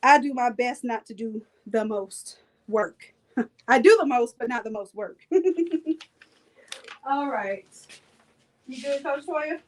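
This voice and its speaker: High-voiced woman instructor, joking chatty teacher for a live demo class. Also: slow, pauses often, poor audio. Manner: playful, chatty, joking with viewers. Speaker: design and printing instructor.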